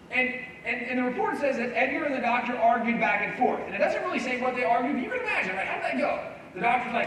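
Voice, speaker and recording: A man with a very high voice preaches as a guest speaker in a church. He tells his story in a relaxed, chatty way and keeps checking in with the listeners with asides. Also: fast, a little hiss or hum. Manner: casual, chatty, uses "like" and "right?" asides. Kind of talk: conversational sermon storytelling.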